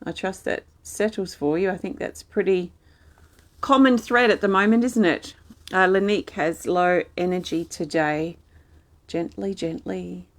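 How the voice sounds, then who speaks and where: A gentle woman hosts a live support stream, answering viewers one by one in a soft, reassuring manner. Her voice sits a little low for a woman. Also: normal speed. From Australia. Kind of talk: casual live-stream chat reading viewer comments.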